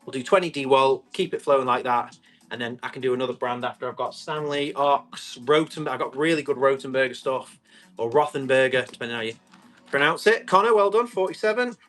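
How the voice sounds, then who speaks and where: A man, selling tools on a live stream, chatty and quick to describe each item and call out the bids. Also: medium pitch, fairly bright tone, soft background music. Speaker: live auction seller.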